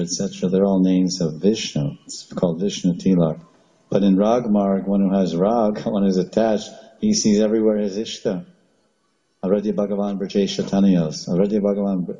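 A man's voice: low voice, warm tone, low-quality recording. A man teaching a devotional talk, telling stories with chatty asides and small laughs. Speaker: spiritual teacher.

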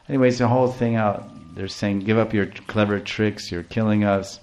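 Male spiritual teacher, fairly low voice, playful and lively devotional storyteller who laughs often. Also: normal speed, hardly any pauses.

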